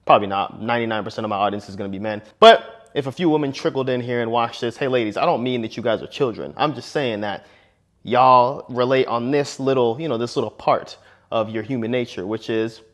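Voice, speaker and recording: A man's voice: medium pitch, brisk. A young man, a married relationship vlogger, giving casual advice and telling a story, slangy and punchy, dropping bro and man.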